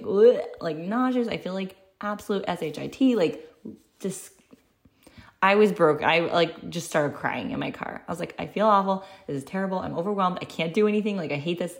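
A woman in her thirties talks on her podcast in a casual, confessional way. Her voice sits a little low, and she fills her sentences with "like" and small restarts as she tells her story. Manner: candid and chatty, many "like" fillers. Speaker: podcast host.

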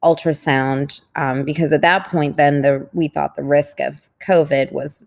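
A woman's voice: low voice, steady tone, measured pace, creaky, darkish tone. A woman, a parent of a young patient, recounting her experience in earnest, reflective casual conversation.

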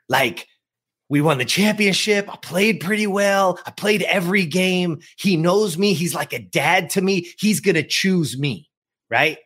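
A man's voice: fairly high pitch, fairly bright tone. A man in his fifties from the US West Coast, a coach telling a personal story with emphasis and speaking straight to his listeners. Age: 50s. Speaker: guest, productivity coach.

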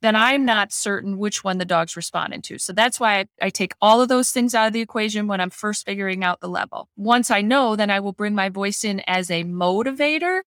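A middle-aged woman who trains dogs talks through her method in a relaxed podcast conversation. She leans on homely everyday comparisons to make a point. Her voice sits in an ordinary middle pitch, recorded close and dry. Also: a little fast, hardly any pauses, clear, resonant tone, dry recording. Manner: explains with homely analogies, acts out family voices. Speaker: dog trainer. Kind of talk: casual podcast discussion.

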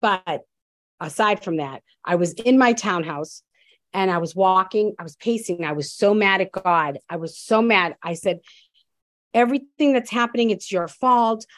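A woman's voice: on the low side, moderate pace, fairly bright tone, no room sound. A woman guest telling her story in a candid, emphatic, blunt way, often restarting her sentences.

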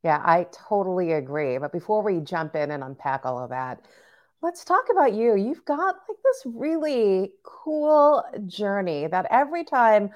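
A woman's voice: medium pitch, sing-song, unhurried, highs cut off. A woman hosting a podcast interview, enthusiastic and affirming toward her guest. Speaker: podcast host.

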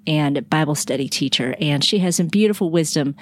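A woman's voice: sits low, fairly quick, dry recording. Upbeat woman podcast host, sick and nasal, close dry mic. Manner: upbeat, encouraging. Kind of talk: friendly interview chat.

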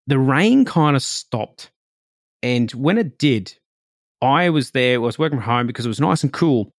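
A man hosting a podcast, telling a personal story in a relaxed, reflective way, full of "like" and "you know". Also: medium pitch, creaky, no room sound, clean studio sound. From Australia. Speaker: podcast host.

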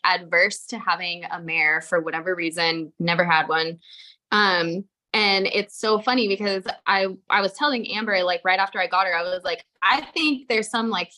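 Co-hosting a podcast, a woman who trains horses chats candidly in a lowish, pushed, bright voice. Her casual talk is full of fillers, with the occasional swear.

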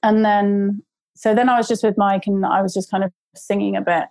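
A woman's voice: mid-range voice, level tone, brisk, darkish tone, dry recording, rough recording. A woman casually telling a long personal story, with many fillers and restarts. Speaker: guest telling her birth story.

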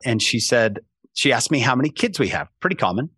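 A man, a podcast guest, telling a self-mocking story in casual, animated talk with lots of "right?" asides. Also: medium pitch, fairly quick, husky, no room sound, studio quality. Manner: many restarts and asides like "right?".

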